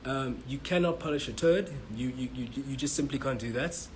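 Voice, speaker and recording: A man's voice: mid-range voice, brisk, a little hiss or hum, poor audio. A man from South Africa giving a frustrated, swearing match reaction as a football fan vlogger, stumbling and repeating himself. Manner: frustrated, swearing, repetitive restarts.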